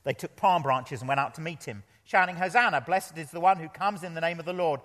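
Male preacher, earnest and emphatic, higher-pitched voice, in a reverberant church hall. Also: a little fast, fairly bright tone. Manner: earnest, emphatic, repeats key phrases. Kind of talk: sermon. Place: church pulpit.

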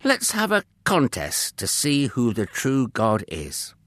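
A man's voice: mid-range voice, huge pitch swings, slow, fairly bright tone, no echo, voice pushed up, full character voice. A man voicing a firm, fervent male prophet with emphatic, commanding calls in a storybook reading.

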